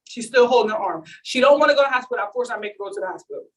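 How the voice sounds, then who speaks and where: A woman giving a talk at a launch event, telling a comic story in an animated way and acting out the quotes. It is recorded on a distant mic at an event. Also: on the high side, very fast.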